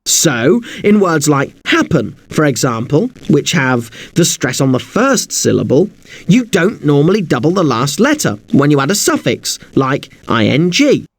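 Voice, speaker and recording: Lively high-voiced man teaching spelling. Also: a little slow, dry recording. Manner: polite and apologetic, spells words out letter by letter. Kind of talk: scripted spelling lesson.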